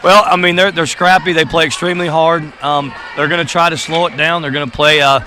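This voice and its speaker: A man's voice: a little high, steady tone, brisk, pushed and bright. A man, a basketball coach, talking casually in a courtside interview, rambling with many fillers and restarts. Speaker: boys basketball coach, guest. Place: gym during a game.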